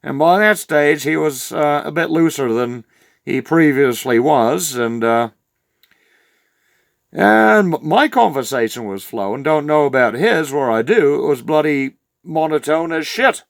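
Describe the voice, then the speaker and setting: Bloke doing an old southland kiwi farmer, drawls and rambles, swears a lot, bone-dry sound. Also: male voice, on the high side, expressive, a little slow, gravelly, no room sound. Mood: rambling. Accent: Southland New Zealand. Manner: meandering drawl full of "uh" fillers, swearing. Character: rambling old rural Kiwi farmer, crude, yarn-spinning. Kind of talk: comic character monologue.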